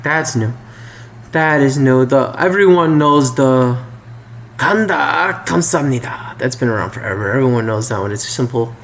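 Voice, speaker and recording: A man talking through language points in a loose, unscripted way, pausing and restarting as he thinks. His voice sits at an everyday middle pitch, with a faint hiss of noise behind him. He sounds like someone recording at a home desk. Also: expressive, vocal fry. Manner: thinking aloud with frequent ums and restarts. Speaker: language tutor. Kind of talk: casual explainer commentary.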